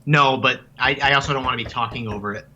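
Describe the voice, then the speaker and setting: A man's voice: mid-range voice, fairly even intonation, quick pace, bright, forceful tone, highs cut off. A man joining a livestream over a video call, joking and self-deprecating in casual chat. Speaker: guest co-host.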